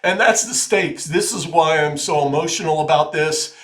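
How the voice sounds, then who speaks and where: A man hosting a video, giving casual political commentary in an earnest, halting way with many restarts that turns emphatic. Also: a little high, fairly bright tone. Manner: grows emphatic and urgent. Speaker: video host.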